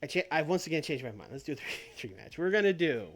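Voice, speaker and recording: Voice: medium pitch, animated, fast talker. A streamer thinking aloud while playing a wrestling booking game, laughing often and changing plans mid-sentence. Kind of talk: casual live-stream chat. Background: faint background music.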